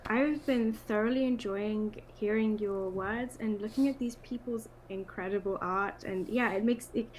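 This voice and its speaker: A woman's voice: mid-range voice, moderate pace, hardly any pauses, darkish tone, low-quality recording. Young female guest on a livestream, friendly and shy, faint noise behind. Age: young adult. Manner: friendly, a bit shy, laughs often. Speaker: guest artist, art student. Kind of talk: casual video call chat.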